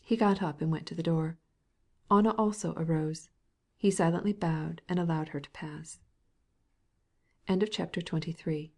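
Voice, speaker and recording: A woman narrating a classic novel as an audiobook, in a measured, soft-spoken reading. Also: deep voice. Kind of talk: scripted narration.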